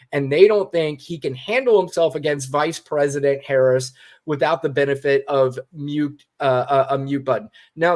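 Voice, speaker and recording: A man co-hosting a podcast, giving casual political commentary in an animated, emphatic way and swearing freely. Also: on the high side. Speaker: podcast co-host.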